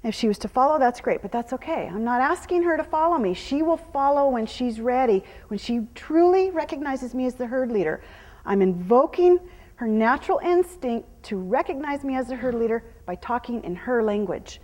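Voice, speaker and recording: A middle-aged woman with a somewhat high voice, teaching a live horse-training clinic. She explains each step calmly and patiently, then turns to murmur soft praise to the horse. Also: normal speed, long reverb tail. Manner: calm teaching voice, breaking into soft praise and hushed whispers to the horse. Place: horse arena during a clinic.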